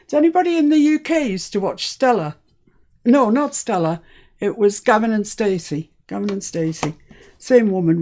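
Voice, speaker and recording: A UK woman who hosts a crafting channel chats through a live demonstration, talking herself through each step. Her voice is fairly low and a little mellow, with slight background noise.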